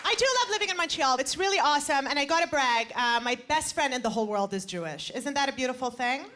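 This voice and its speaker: A woman's voice: high voice, lively intonation, quick pace, a faint crowd, slight background noise. A woman in her twenties doing punchy, self-mocking stand-up comedy on a club stage. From Canada. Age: 20s. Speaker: stand-up comic. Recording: stage mic with roaring audience. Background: loud audience laughter.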